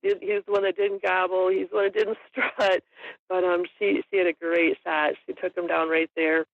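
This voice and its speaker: Brief: woman guest, gravelly, chatty storyteller who laughs a lot, dull lo-fi audio. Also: on the low side, little pitch movement, moderate pace, dry recording. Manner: chatty, laughs often while telling the story. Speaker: hunting guest. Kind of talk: casual storytelling in an interview.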